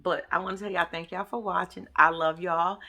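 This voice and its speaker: Bright-voiced woman in a profane vlog rant. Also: on the low side, fairly quick. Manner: animated, profane, trash-talking. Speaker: vlogger recapping a reality show. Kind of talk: casual commentary vlog.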